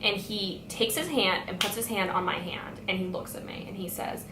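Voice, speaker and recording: A woman's voice: medium pitch, moderate pace. Young woman telling a story, echoey room. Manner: animated retelling full of "like" fillers. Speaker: vlogger. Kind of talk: storytime vlog. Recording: echoey room with faint noise.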